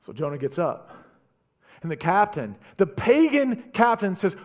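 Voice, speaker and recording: Pastor, male, expressive bouncy pitch, animated sermon storyteller. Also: measured pace. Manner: animated storytelling, stammering repeats.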